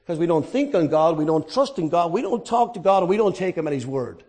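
A man preaching a sermon, dynamic, swinging from quiet asides to shouted points and answering his own questions. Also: on the high side, very animated, brisk.

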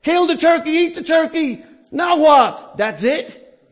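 Man, very high pitch, sermon, dynamic, loud and soft by turns, asks and answers himself. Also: expressive, slow pace. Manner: dynamic, swings from quiet to shouting; asks and answers his own questions. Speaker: preacher.

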